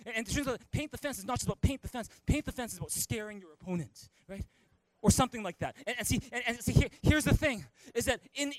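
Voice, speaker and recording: Male pastor, high voice, dry close sound, stammering storytelling sermon. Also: no room sound, rough recording. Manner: storytelling, many stammered restarts. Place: church.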